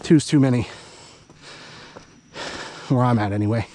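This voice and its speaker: A man's voice: mid-range voice, measured pace, mellow. A middle-aged man, chatting casually as he vlogs outdoors by a cave. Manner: folksy and chatty, talks sweetly to a stray dog. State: out of breath from climbing a hill. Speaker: vlogger. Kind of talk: casual outdoor vlog narration.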